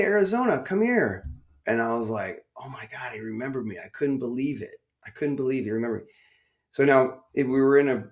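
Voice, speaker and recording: A middle-aged man from northern Illinois hosting a podcast, telling a story in a chatty, excitable, rambling way. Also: medium pitch. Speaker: podcast host. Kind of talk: casual storytelling.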